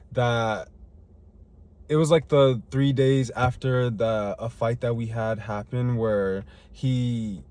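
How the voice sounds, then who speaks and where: A man's voice: medium pitch, darkish tone. A young man rambling through a casual personal monologue to camera, full of fillers and restarts. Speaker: vlogger. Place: living in Chicago.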